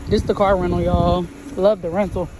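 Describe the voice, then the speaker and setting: A woman's voice: lowish voice, level tone, normal speed, warm tone, a little hiss or hum. A young woman chatting casually to her viewers in a vlog, repeating phrases and calling them y'all, recorded outdoors on a phone camera. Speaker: vlogger.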